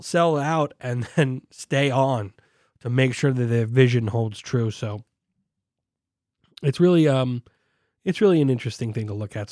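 A young man with a medium-pitched, slightly mellow voice hosts a casual beer podcast, captured in a clean, dry studio recording. He rambles, pokes fun at himself, and fills his chat with fillers and restarts.

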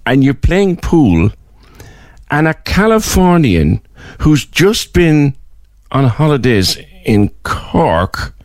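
A man hosting a radio interview, asking questions with lively interest. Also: a little high, takes it slowly, dry recording, clean studio sound. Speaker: radio host.

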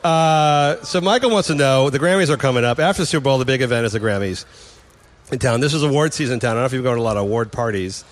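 A man hosting a casual chat, opinionated and quick to laugh. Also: mid-range voice. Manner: fast, opinionated, laughs often.

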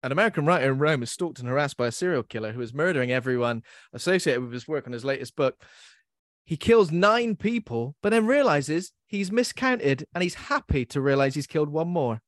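A man's voice: fairly high pitch, animated, a little fast, no room sound, studio quality. A man hosting a podcast in a casual chat, giggling and mocking himself as he stumbles over his words. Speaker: podcast host.

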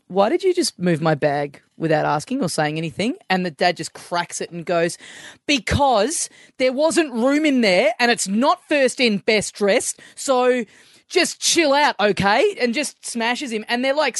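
A co-host joins the chat with quick, slightly nervous talk and frequent "like"s. The voice sits at an ordinary pitch. The sound is close and dry, with no room echo. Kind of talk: casual podcast chat.

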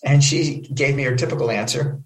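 Guy from new jersey spinning a story, acts out the voices, mid-pitched, roomy echo. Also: brisk. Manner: lively storyteller who acts out other people's lines. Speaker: comic book film producer and guest. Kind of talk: animated anecdote telling. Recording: echoey room.

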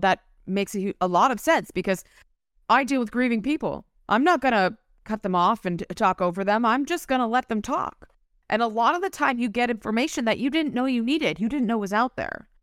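A woman's voice: fairly high pitch, animated, brisk, a bit bright, dry recording, studio quality. A woman co-hosting a book club podcast, reading passages aloud and then riffing on them casually, swearing now and then. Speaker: podcast co-host.

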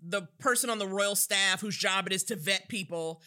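A woman's voice: mid-range voice, normal speed, bright, forceful tone, faint music behind. A woman from the US co-hosting a podcast, chatting sassily with plenty of fillers about a film. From United States. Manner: sassy, hedging, full of fillers. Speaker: podcast co-host. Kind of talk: casual chat recapping a film.

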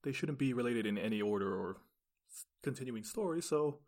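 A man's voice: mid-range voice, expressive, fairly quick, darkish tone. A man co-hosting a casual podcast, teasing his co-host with dry humor.

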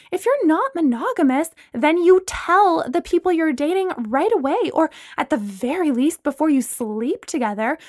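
Woman reading as a blunt young woman friend, raised pitch. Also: no room sound, studio quality, exaggerated voice. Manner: indignant, lecturing.

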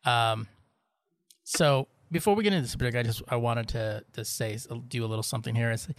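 An easygoing man with a mid-pitched voice introduces the next topic on a podcast. He is recorded close in a dry room. He talks loosely and laughs easily. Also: a little fast, no room sound. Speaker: podcast co-host. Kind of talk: casual chat, introducing a topic.

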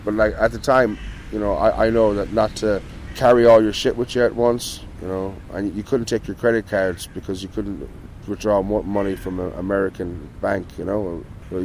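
A man's voice: lowish voice, a little mellow, slight background noise, poor audio. A man with an Irish accent, a guest telling a long, rambling story in casual talk and swearing almost every line. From Ireland. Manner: profane, rambling, swears constantly. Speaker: interview guest.

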